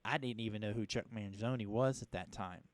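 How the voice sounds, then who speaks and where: Male radio host, lowish voice, halting and rambling. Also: no room sound. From Louisiana. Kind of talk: casual radio interview. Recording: radio broadcast.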